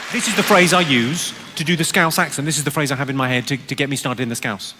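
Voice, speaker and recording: A man doing stand-up comedy on a theatre stage, with a dry, quick and cutting delivery. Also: medium pitch, heavy background noise. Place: large theatre stage with a laughing audience. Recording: live theatre recording with loud audience laughter.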